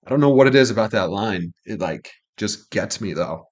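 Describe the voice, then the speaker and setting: A man's voice: fairly low pitch, lively intonation, brisk. A man hosting a music reaction, casually explaining song lyrics in an earnest way, with lots of fillers.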